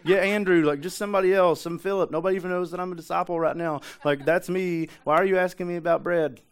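A man voicing a flustered male disciple who protests in a rushed, pleading way. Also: sits high, steady tone, smooth, pitched above the performer's own voice. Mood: panicked.

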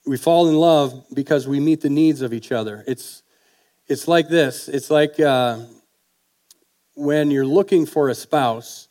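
A man's voice: on the high side, unhurried, warm tone. A man preaching a sermon on marriage, talking in a folksy, conversational way and asking the congregation questions.

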